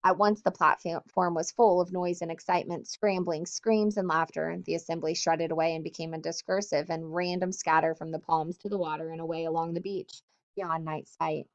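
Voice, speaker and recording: Low-voiced woman reading a novel. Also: dry recording, highs cut off. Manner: measured, steady narration. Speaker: audiobook reader.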